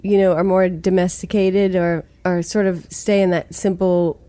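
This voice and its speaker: A woman's voice: lowish voice, flat delivery, normal speed, dark tone, no echo. Guest spot: Boston-accented woman in her forties, easygoing and chatty, recorded close and dry. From Massachusetts. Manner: chatty, laughs often. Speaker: songwriter guest. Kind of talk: casual interview chat.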